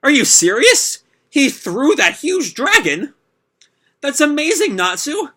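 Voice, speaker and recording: A man voicing an anxious, excitable young woman heroine from a manga, with a much higher, breathless voice. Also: a little slow, exaggerated voice. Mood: excited.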